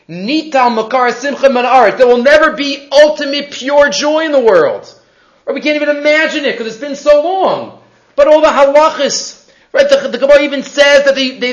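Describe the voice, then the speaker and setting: Male Torah teacher, very high and lively voice, animated lecture, muffled recording in an echoey room. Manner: animated, asks many rhetorical questions. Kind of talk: weekly Torah class lecture.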